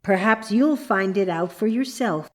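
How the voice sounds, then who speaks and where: A woman's voice: mid-range voice, animated, measured pace. Woman reading a dry, teasing dream guide.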